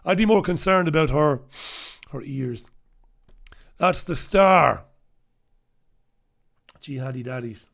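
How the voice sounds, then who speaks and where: A man's voice: a little high, expressive, slow pace, vocal fry, long pauses, a bit bright. Irreverent man reading the papers. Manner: irreverent, swearing, chuckling asides. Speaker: host reviewing newspapers. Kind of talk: casual humorous commentary.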